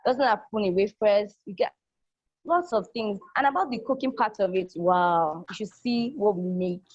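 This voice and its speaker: A woman's voice: mid-range voice, expressive, moderate pace, a little mellow, breathy edge, dry recording. A young woman, a college student speaking in an enthusiastic, casual testimonial that repeats phrases for emphasis. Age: young adult. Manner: enthusiastic, repeats phrases, acts out quoted people. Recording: dull lo-fi dry recording.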